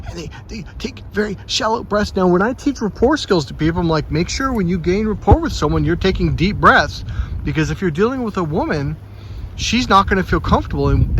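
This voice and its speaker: A man giving an animated, rambling outdoor monologue, swearing and correcting himself as he goes, on a handheld mic. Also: high voice. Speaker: self-help vlogger. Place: outdoors by the water on a windy day. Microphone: handheld microphone, cupped at times. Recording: loud wind buffeting the microphone. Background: heavy wind noise.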